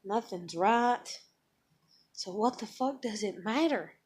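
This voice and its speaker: A woman's voice: slow pace, slightly rough. A woman venting in a personal vlog, blunt and emotional, swearing often as she talks about her life. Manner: acts out others in higher excited voices. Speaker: vlogger.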